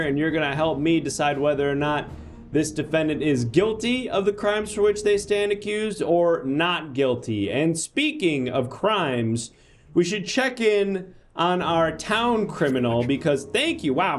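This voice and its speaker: A man's voice: fairly high pitch, natural voice. A man playing a chatty courtroom judge who hosts a live comedy stream and thanks viewers. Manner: brisk, thanks viewers, reads chat. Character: male courtroom judge, chatty show host.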